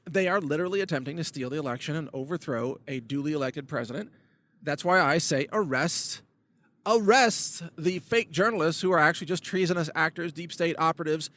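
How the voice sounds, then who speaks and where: A man's voice: on the high side, brisk, fairly bright tone. A man hosting his own political video blog, delivering a sarcastic, emphatic rant. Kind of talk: ranting political commentary.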